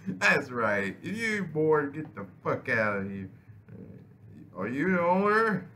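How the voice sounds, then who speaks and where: A man's voice: fairly high pitch, very animated, takes it slowly, pushed and bright, slight background noise. A young man giving casual, profane gameplay commentary, rambling and restarting his sentences. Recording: game music playing behind voice.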